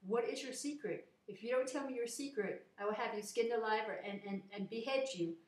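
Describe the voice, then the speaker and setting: A woman's voice: a little high, a little fast, far from the mic, close to an everyday voice. A woman voicing a demanding rich fairy-tale king, speaking indignantly in an echoey room. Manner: indignant, exclaiming.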